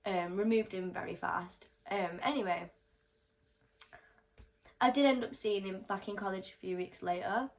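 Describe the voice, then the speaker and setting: A young British woman telling a storytime vlog in a blunt, animated way, swearing a lot and clearing her throat now and then. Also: medium pitch, normal speed, pauses often, slight background noise. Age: young adult. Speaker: storytime vlogger. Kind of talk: casual storytelling.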